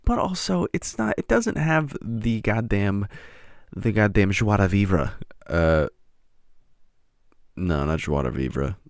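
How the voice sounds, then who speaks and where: Gravelly low-voiced podcast guy. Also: big pitch swings, takes it slowly, no echo, clean studio sound. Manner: profane, rambling, self-mocking. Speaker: podcast host. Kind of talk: rambling solo podcast.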